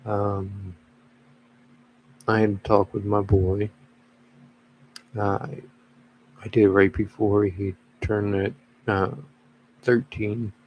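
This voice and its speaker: A father talking casually to camera, halting and slow, with many fillers and pauses. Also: lowish voice, level tone, a little hiss or hum. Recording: dull lo-fi recording.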